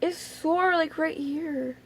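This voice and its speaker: A young woman with a high voice tells her story to the camera in a casual vlog. She talks in a chatty, dramatic way and piles up fillers and exclamations as she goes. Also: slow pace, fairly bright tone, a little hiss or hum. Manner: chatty, dramatic, lots of "like" and "oh my God". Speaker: vlogger.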